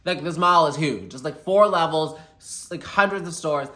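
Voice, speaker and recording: A young man chatting through a casual storytime vlog, animated and quick to quote people. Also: on the high side. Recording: echoey room.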